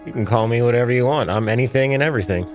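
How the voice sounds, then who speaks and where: A man's voice: medium pitch, rapid-fire, faint music behind, natural voice. A man as a playful studio poltergeist. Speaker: producer.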